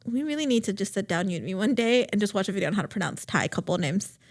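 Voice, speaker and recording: A woman's voice: mid-range voice, fast talker. A woman recapping a TV series on a podcast in casual, filler-heavy chat, swearing and acting out quotes. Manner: chatty, lots of fillers, swears, animated quoting. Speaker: podcast co-host.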